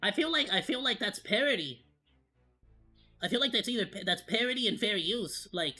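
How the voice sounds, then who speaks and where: Vtuber guy doing a bright squeaky monkey voice, rambly reaction chat. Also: expressive, moderate pace, faint music behind. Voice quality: put-on high cartoonish monkey voice. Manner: rambling, lots of fillers and restarts. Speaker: VTuber streamer. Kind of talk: casual reaction stream.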